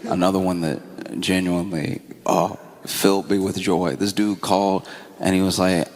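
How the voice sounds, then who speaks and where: Man doing stand-up in a big hall. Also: moderate pace. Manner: acts out friends' phone calls in high excited voices. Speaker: stand-up comedian. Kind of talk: stand-up storytelling.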